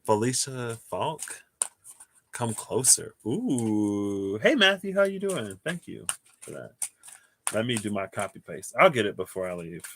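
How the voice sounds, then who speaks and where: A man giving a casual livestream tarot reading, thinking aloud in a rambling way with restarts and soft chuckles. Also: lowish voice, big pitch swings, unhurried, a little hiss or hum. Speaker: tarot reader.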